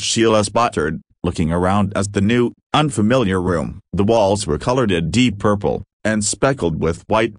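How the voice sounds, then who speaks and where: A man narrating a fiction story aloud, reading the text literally at a steady pace. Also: on the low side, moderate pace, hardly any pauses, no room sound, clean studio sound.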